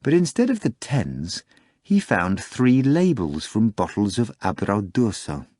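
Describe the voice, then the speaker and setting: A man narrating an audiobook in measured storytelling style. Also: fairly low pitch, wildly swooping pitch, a little mellow, no echo, clean studio sound.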